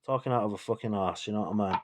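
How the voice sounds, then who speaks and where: A man's voice: fairly low pitch, rapid-fire, slight background noise. A man, a bit tipsy from drinking, ranting in a rambling, sweary, indignant monologue for his vlog. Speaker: vlogger.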